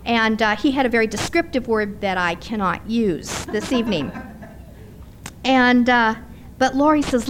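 A middle-aged woman preaching a sermon in a conversational, animated storytelling manner. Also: a little high, measured pace, a little hiss or hum.

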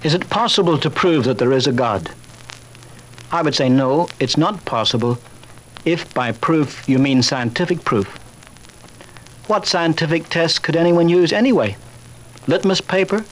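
An older man speaking in a slightly high voice, laying out an argument for faith in a calm, measured way. He mixes in stories from his life and dry, wry jokes. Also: slight background noise, rough recording. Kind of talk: recorded talk on faith, told through anecdotes.

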